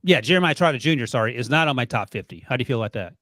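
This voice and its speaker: A man hosting a sports podcast, leading the chat with quick, teasing back-and-forth. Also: mid-range voice, expressive, a bit bright, dry recording. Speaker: podcast host.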